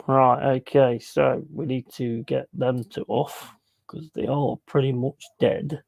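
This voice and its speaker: A laddish man on a casual live stream, his voice a bit rough and gravelly. He rambles through a story, swearing freely, with asides like "and all this, that and the other." The sound is close and dry, with no room around him. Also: mid-range voice, steady tone, takes it slowly, a little mellow, no echo. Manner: rambling anecdote with repeated asides. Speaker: streamer playing a football management game.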